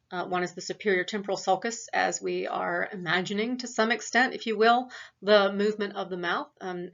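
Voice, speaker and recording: A woman's voice: lowish voice, vocal fry, a bit bright, muffled recording. Tired-voiced woman lecturing over a laptop. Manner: explanatory, with frequent fillers and restarts. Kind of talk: recorded online lecture. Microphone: laptop mic.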